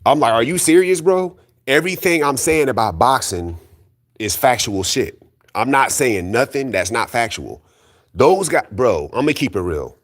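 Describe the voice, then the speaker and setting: A boxing commentary YouTuber launches into a heated solo rant, his mid-range voice very animated, fairly bright, and at a moderate pace. Blunt and profane, he argues insistently, repeating his points and repeatedly calling out his critics.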